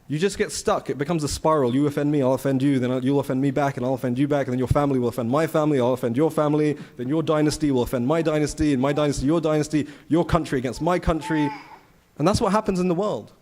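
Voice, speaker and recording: A man giving a conversational scripture class at a temple, telling the story with rhetorical questions and animated asides. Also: on the high side, quick pace. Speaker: temple speaker. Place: temple hall.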